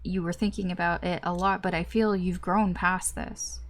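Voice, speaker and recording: A woman's voice: lowish voice, level tone, normal speed. Chatty young woman reading tarot cards. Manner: chatty, lots of fillers, acts out reactions. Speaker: tarot reader.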